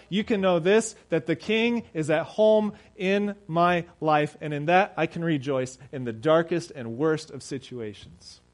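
A man preaching a sermon as pastor, earnest, slowing down and dropping softer on key phrases. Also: high voice.

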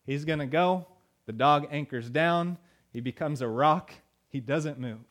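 A man's voice: fairly high pitch, measured pace, fairly bright tone. A male pastor delivering a sermon in a conversational way, with fillers and emphatic repeated lines.

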